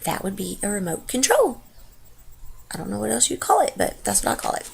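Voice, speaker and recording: Over slight background noise, a woman from Texas in her thirties vlogs her way through a casual dialect quiz in a gravelly, sing-song mid-range voice at a brisk pace. Unsure and rambling, she drops many ums and wanders into trailing asides.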